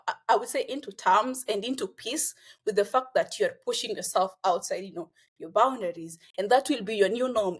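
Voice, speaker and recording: A young woman from Kenya, talking earnestly as a guest in a casual conversation and filling pauses with "you know" and "like.". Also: on the high side, husky. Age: young adult.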